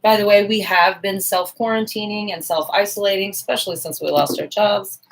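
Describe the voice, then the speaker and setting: A gravelly, mid-range female voice, fairly even and a little fast, comes through a rough recording. The woman, in her forties, runs a casual livestream from her home sewing room with a fan on, talking to viewers and poking fun at herself while she works.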